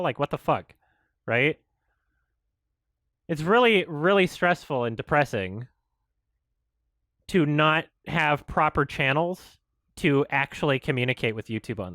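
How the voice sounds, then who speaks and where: A frustrated man rants on his commentary show. His voice sits high and leaps all over the place as he swears and vents. The sound is dry, with no room echo. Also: moderate pace. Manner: frustrated, swearing, animated ranting. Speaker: YouTube commentator. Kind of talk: ranting commentary.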